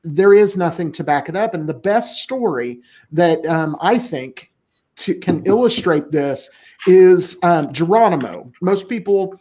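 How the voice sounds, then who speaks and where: A man's voice: sits high, animated, measured pace, warm tone. A man co-hosting a casual political podcast, talking bluntly and emphatically with frequent swearing. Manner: blunt, profane, emphatic, laughs often. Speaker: podcast co-host.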